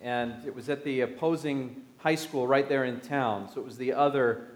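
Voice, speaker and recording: A man's voice: medium pitch, fairly even intonation, moderate pace. A man from the United States giving a sermon, telling a personal story with self-deprecating humor and acting out the scene. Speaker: pastor.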